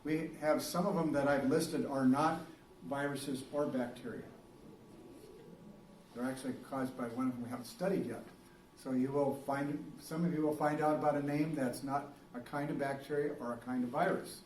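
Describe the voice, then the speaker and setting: A man's voice: medium pitch, steady tone, normal speed, darkish tone, slight background noise. Man lecturing in a roomy classroom. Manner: casual and rambling, with many fillers and restarts. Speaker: biology teacher. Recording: roomy classroom, recorded from a distance.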